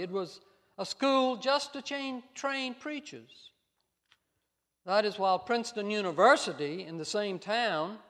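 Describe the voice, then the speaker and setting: An older man preaching a sermon as pastor, telling stories with emphatic rises and soft trailing endings, in a church sanctuary. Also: high-pitched. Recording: long reverb of a church hall.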